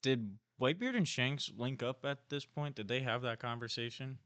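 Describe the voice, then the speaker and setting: A man's voice: medium pitch, normal speed, fairly bright tone, no echo. A young man who is a guest on a casual podcast, chatting and teasing in a laid-back way.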